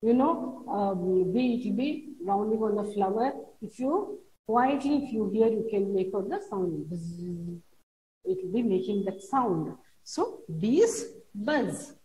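A woman teaching a classroom lesson, reading a poem aloud and explaining each word slowly and repetitively to children. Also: mid-range voice, expressive, warm tone. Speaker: schoolteacher. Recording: roomy echo.

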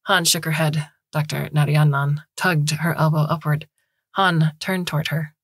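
A woman narrating a short story in a measured, even way. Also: low-pitched, slightly rough, no room sound. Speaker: story reader. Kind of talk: scripted narration.

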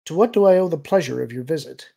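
Calm older admiral, narrator-voiced, measured and husky, never rattled. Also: male voice, on the high side, exaggerated voice.

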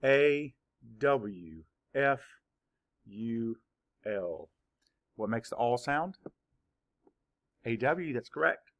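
A man teaching a spelling lesson to young children, dictating words slowly and clearly, sound by sound. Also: mid-range voice, lively intonation, muffled recording. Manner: slow, clear word-by-word dictation.

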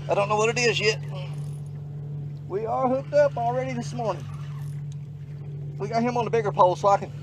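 High-voiced man fishing a riverbank. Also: noisy background. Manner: folksy, excitable, swears mildly at fish. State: hot and out of breath. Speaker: fishing vlogger. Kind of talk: casual outdoor vlog. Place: outdoors on a riverbank. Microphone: handheld camera mic.

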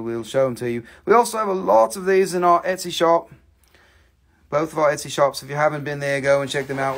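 Chatty joking man selling stones live. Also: fairly high pitch. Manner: joking, profane, chatty patter. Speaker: live-stream stone seller. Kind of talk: casual live sales chat.

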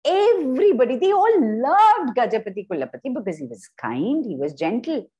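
A woman's voice: a little high, sing-song, moderate pace, warm tone, slightly rough. A woman, telling a children's story expressively, with sound effects and little character voices. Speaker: storytelling workshop leader. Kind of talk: animated children's story reading.

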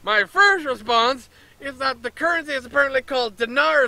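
A man commentating on a game he is playing, with excited, mock-indignant quips. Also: extremely high pitch, fairly quick, no room sound, poor audio. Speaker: gamer. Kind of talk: let's play commentary.

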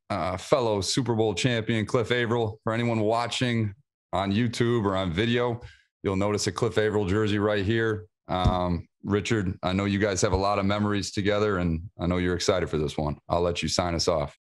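A man co-hosting a casual sports podcast, teasing and excitable, often laughing. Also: lowish voice, normal speed. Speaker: podcast co-host.

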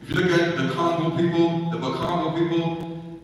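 Male conference speaker, fairly high-pitched, halting and repetitive delivery, distant mic, heavy hall reverb. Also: monotone. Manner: halting, repeats words, lists terms slowly. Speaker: conference presenter. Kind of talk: lecture comparing words across languages. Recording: echoey hall, voice from far off.

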